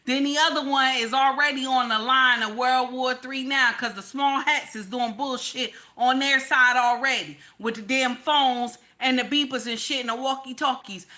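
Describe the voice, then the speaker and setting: A woman delivers a casual, profane rant to her audience. Her voice sits a little high and sounds bright and forceful. She hammers her points by saying them twice. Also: fairly even intonation, normal speed, few pauses. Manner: blunt, profane, repeats lines for emphasis. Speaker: commentary channel host. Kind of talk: casual ranting commentary.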